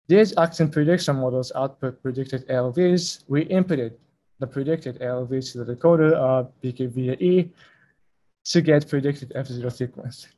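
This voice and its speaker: A man's voice: medium pitch, warm tone, rough recording. A man giving an academic conference talk, speaking carefully and spelling out acronyms letter by letter. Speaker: conference presenter.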